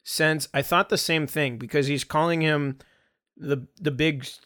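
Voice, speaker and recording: A man's voice: a little high, steady tone, measured pace, fairly bright tone, clear, resonant tone, dry recording, clean studio sound. A man in casual podcast chat, laid-back and swearing freely. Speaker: podcast co-host.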